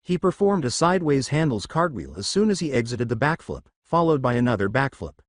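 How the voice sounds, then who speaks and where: A man narrating a fan fiction story aloud in a steady reading manner. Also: medium pitch, fairly quick, no room sound, studio quality.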